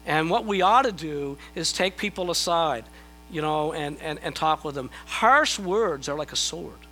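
Bright-voiced pastor preaching. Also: male voice, fairly high pitch, lively intonation, unhurried, a little hiss or hum, poor audio. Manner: conversational, self-deprecating, repeats words when starting a thought. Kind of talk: sermon.

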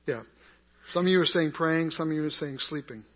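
A man with a fairly high voice speaks fairly quickly while teaching an interactive Bible class, conversationally posing questions to the group and then answering them himself. The recording is dull and lo-fi.

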